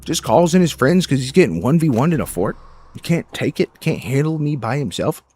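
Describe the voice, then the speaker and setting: A man giving casual, excitable commentary while playing a game, joking and talking to himself and the game. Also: a little high, fairly quick, slightly rough. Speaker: gameplay streamer.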